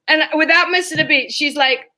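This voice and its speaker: A woman comedian spins stories from her life with an animated, laughing delivery. She slips into other people's voices as she goes. Her voice is high-pitched and bright. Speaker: comedian guest. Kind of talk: storytelling chat.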